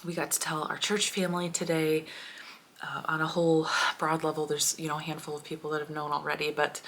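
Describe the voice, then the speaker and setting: Soft-spoken woman with a low, even voice. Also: slight background noise. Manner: soft, emotional, tearful at times, prayerful. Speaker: homeschooling mom vlogger. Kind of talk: heartfelt personal vlog.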